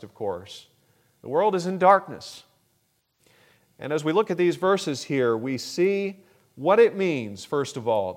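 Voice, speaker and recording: Slow, emphatic male preacher. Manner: emphatic preaching with swells in pitch and volume on key phrases; deliberate, measured delivery with fillers. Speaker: pastor. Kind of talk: sermon.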